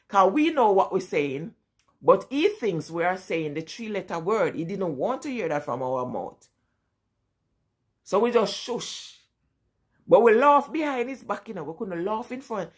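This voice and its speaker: Jamaican-accented woman vlogger, middle-aged, animated storyteller who laughs a lot, mid pitch. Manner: laughs often while telling family stories, animated. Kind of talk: casual storytelling.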